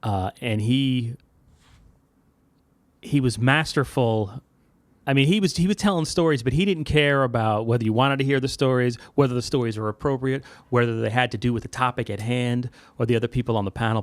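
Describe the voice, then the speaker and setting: A male podcast host asking relaxed, curious follow-up questions in a casual chat. His voice has a middling pitch, recorded close and dry with no echo. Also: a little fast. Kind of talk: casual interview.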